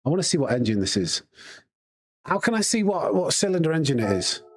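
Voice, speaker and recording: A husky, fairly high-pitched male voice, very animated and fairly quick, comes from a sim racing streamer with a Yorkshire accent. He keeps up a casual, rambling chat with viewers as he plays, laughing often.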